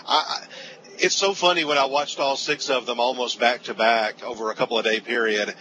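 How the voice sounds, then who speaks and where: Brief: male pundit, firm and emphatic, bright, forceful tone, faint noise. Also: medium pitch, steady tone, a little fast, dull audio. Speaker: awards pundit. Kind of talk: casual panel debate.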